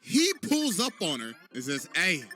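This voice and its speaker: A man recapping a story with comedy, talking in an excitable, slangy way. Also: high-pitched, moderate pace. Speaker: recap narrator.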